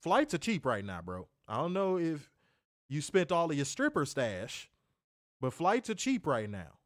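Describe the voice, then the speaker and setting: A man co-hosting a casual wrestling chat, joking, slangy and animated. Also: on the high side, a little slow, no room sound, studio quality. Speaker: podcast co-host.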